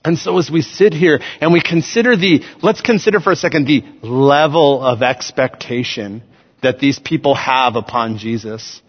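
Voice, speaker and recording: A young adult man preaching a sermon as a student ministries pastor, telling everyday stories and acting out the people in them with lively, playful delivery. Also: mid-range voice, normal speed, breathy edge. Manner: playful storytelling, acting out scenes. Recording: dull sound with long hall reverb.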